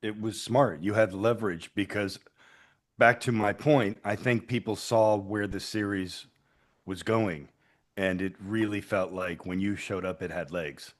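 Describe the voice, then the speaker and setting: A man's voice: on the low side, measured pace. A man, an actor and podcast co-host, chatting casually in an eager, teasing way and cutting in with questions. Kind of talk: casual chat.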